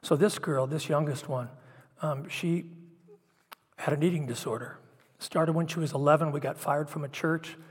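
A man's voice: fairly high pitch, fairly even intonation, moderate pace, breathy edge. A middle-aged man, a pastor, giving a confessional personal sermon that drops to whispers and rises again with feeling. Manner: confessional, emotional, drops to whispers and surges louder. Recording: long hall reverb.

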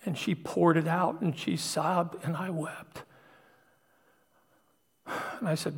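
A middle-aged male pastor shares a raw, confessional story from the pulpit, his voice slightly husky and a touch higher than most men's. He sinks to near-whispers and then swells louder as emotion takes him. The sound rings with a long reverb from a large church hall. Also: fairly even intonation, slow, pauses often. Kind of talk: personal testimony sermon.

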